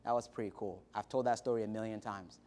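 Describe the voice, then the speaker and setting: A man hosting a late-night show, telling stories with animated delivery that drops to a soft, reflective tone. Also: fairly low pitch, fast talker. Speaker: host.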